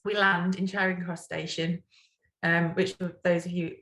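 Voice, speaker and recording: A woman's voice: fairly low pitch, level tone, a bit bright. A woman co-hosting a podcast, emotional and talkative, often checking in with "right?". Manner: emotional, quick, talkative, tags remarks with "right?". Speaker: podcast co-host. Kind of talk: casual chat. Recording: roomy echo.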